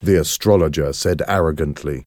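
A man reading a storybook aloud as narrator, slow, clear and carefully paced. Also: very deep voice, darkish tone, no echo, studio quality.

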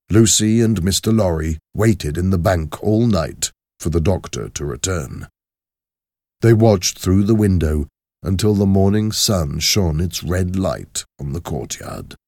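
A man narrating a classic story aloud with a measured, expressive reading. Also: low voice, no echo, clean studio sound.

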